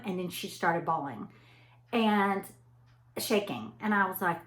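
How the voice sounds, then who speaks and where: A woman's voice: mid-range voice, unhurried. Chatty woman in an echoey room. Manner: chatty storyteller addressing listeners directly. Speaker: anesthesia provider. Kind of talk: casual motivational talk.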